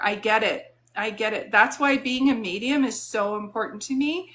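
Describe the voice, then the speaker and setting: A woman's voice: medium pitch, fairly quick, few pauses, a bit bright, slight background noise. A woman working as a psychic medium, giving a live-stream reading in a soothing, reassuring, chatty way.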